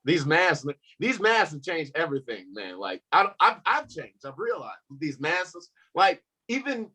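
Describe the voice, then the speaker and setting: A man's voice: fairly high pitch, a little slow, breathy edge. A young man doing a stand-up comedy set, telling stories and acting out the people in them. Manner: animated storytelling, acts out quoted voices.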